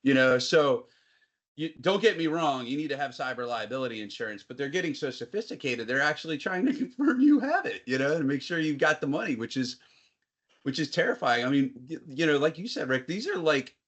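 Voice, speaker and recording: Chatty, animated man on a webinar. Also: a little high, brisk. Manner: chatty, animated, acts out quotes. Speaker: guest, IT business owner. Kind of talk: casual webinar conversation.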